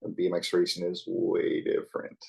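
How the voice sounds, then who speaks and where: Low-voiced man in his sixties, rambling. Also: completely flat delivery, a little fast, creaky, a little mellow, husky, rough recording. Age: 60s. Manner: rambling, peppered with "you know", chuckles often. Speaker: podcast guest. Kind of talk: casual storytelling.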